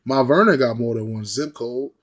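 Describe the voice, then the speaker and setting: A man's voice: medium pitch, moderate pace. A man, hosting a reaction video and chatting casually in slangy, repetitive talk. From New York. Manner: slangy, repetitive, animated when imitating others. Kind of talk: casual rambling chat.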